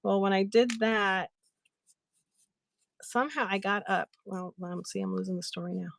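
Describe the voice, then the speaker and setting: A woman's voice: medium pitch, moderate pace, vocal fry, no room sound. A woman hosting a live craft stream, chatting and retelling a funny story to her viewers. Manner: chatty, giggly, animated retelling. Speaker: livestream seller host. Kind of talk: casual storytelling to live chat.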